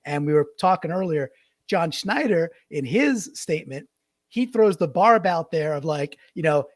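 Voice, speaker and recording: A man's voice: fairly high pitch, lively intonation, normal speed, dry recording. A man co-hosting a casual sports podcast, rambling and restarting, mocking quotes with put-on voices. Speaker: podcast co-host.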